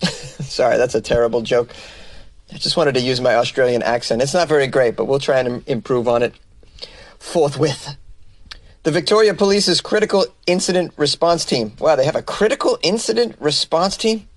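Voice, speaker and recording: Comedian guy riffing on weird news, slightly high voice, dry close mic. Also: moderate pace, no echo. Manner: sarcastic, riffing asides. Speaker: podcast host and comedian.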